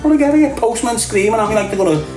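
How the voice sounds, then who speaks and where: Racing along in a high-pitched, expressive voice, this middle-aged Scouse livestream host from Liverpool rants casually. He keeps up mocking, streetwise banter with frequent laughter, calling everyone "lad". Faint music plays in an echoey room.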